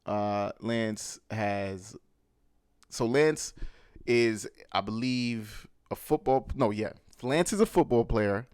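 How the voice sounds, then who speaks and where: A man recapping a film in casual, animated, slangy talk, full of fillers. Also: lowish voice, slow, smooth, no echo, studio quality. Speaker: movie recap host.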